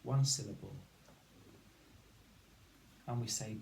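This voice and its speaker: A man's voice: medium pitch, unhurried, darkish tone. A man teaching a phonics lesson, patiently sounding out letters and words. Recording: echoey room, faint background noise.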